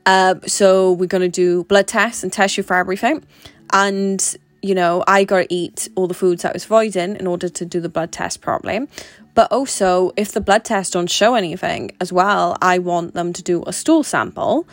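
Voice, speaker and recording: A woman's voice: lowish voice, steady tone, normal speed. A young woman, talking frankly and swearing freely in a casual vlog monologue. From Britain. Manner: chatty, swears a lot, frank. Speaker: vlogger.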